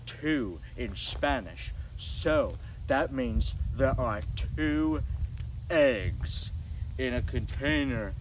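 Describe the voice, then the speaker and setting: A man's voice: mid-range voice, animated. A man doing a clueless bragging contestant. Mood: smug. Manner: boastful, slow rambling explanations. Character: dim-witted overconfident young male game show contestant. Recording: distant mic with background noise.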